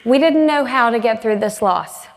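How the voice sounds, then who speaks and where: A middle-aged woman from the American South telling a personal story from a conference stage, earnest and measured. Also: fairly high pitch, expressive, big-room sound. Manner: earnest, measured, emotional retelling. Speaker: conference speaker. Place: conference stage in a large hall.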